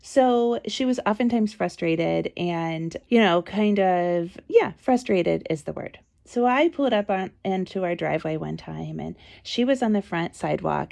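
A woman's voice: lowish voice, moderate pace, creaky, warm tone. A woman hosting a podcast, telling a chatty, reassuring story about her own experience. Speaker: podcast host.

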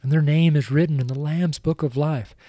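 A man's voice: a little high, fairly even intonation, a little fast, warm tone, dry recording, clean studio sound. A man preaching on a podcast, earnest and repetitive, speaking straight to the listener. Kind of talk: evangelistic podcast sermon.

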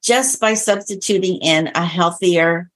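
A middle-aged woman with a slightly husky, breathy voice talks as a guest on a podcast. She sits a little low in her range and chats easily about food, slipping into storytelling with quoted dialogue. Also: measured pace. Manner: chatty, tells stories with lively quoted dialogue. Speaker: nutrition and diabetes coach, guest. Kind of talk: casual podcast interview.

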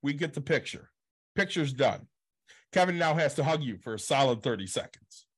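A man's voice: medium pitch, lively intonation, normal speed, slightly rough. A man casually telling a long convention story as a podcast co-host, acting out quotes and swearing freely.

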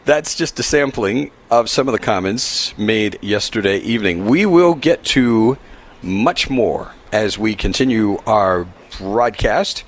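A man hosting a live radio talk show, giving upbeat announcements and emphatic commentary. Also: unhurried. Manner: animated, upbeat pitch swings, emphatic.

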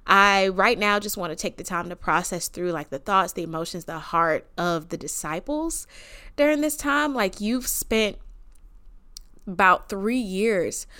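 A woman hosts a podcast, speaking casually and with deep feeling. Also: animated, measured pace, sharp tone, smooth. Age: 20s. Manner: chatty, slangy, emotional and reverent. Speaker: podcast host. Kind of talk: casual devotional podcast monologue.

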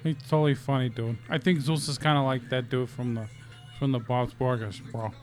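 Man, casual gaming commentary, profane, laughing, impression riffs, mid pitch. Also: steady tone, fairly quick, faint music behind. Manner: laughing, swearing, riffing on impressions. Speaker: let's play commentator.

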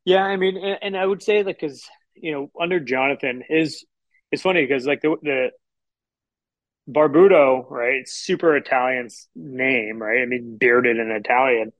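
On a casual podcast, a Houston chef and restaurant owner appears as a guest, spinning rambling stories and imitating the people he quotes. His middle-pitched voice moves at a normal speed and is a bit bright. The recording is close, dry and low in quality, with no room sound.

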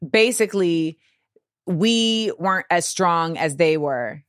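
A woman's voice: lowish voice, animated, no echo, clean studio sound. American woman hosting a chat podcast. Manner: quick reactions, laughing asides. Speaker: podcast host.

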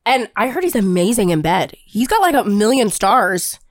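A woman's voice: medium pitch, sing-song, normal speed, no echo, studio quality. A young woman co-hosting a casual chat, chatty and giggly. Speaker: podcast co-host.

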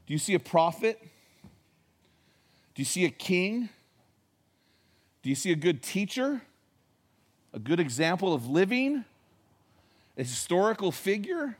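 A pastor preaching a sermon in a conversational, folksy storytelling way, hitting key words with emphasis. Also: male voice, high voice, very animated, normal speed, pauses often.

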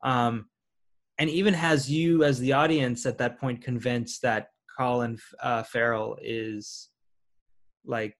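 A man's voice: mid-range voice, steady tone, takes it slowly. A man co-hosting a casual film review chat, laid-back with dry quips. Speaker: podcast co-host.

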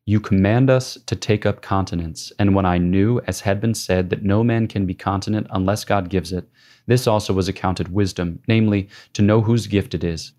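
Low-voiced male reader, measured and prayerful, for a devotional text reading. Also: steady tone, a little mellow. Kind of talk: scripted reading of a devotional classic.

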